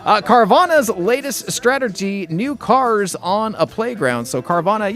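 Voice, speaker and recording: A man's voice: high voice, lively intonation, unhurried, hardly any pauses, a bit bright, soft background music. A man hosting a casual morning radio show, chatty and upbeat, rambling with fillers and restarts. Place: radio studio.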